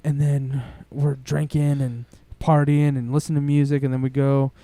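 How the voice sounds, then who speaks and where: A young man, co-hosting a podcast and telling a long story in a rambling, excitable way, swearing often. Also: medium pitch, moderate pace, dry recording. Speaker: podcast co-host. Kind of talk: casual storytelling chat.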